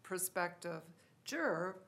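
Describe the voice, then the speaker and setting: A woman's voice: on the low side, animated, slow pace, vocal fry, a bit bright. A woman serving as judge, questioning counsel and reading case law aloud with some hesitation. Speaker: appellate judge.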